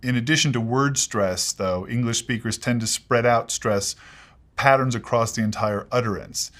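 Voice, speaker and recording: A man explaining English pronunciation in a lesson, measured and precise, giving spoken examples. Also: medium pitch, a bit bright.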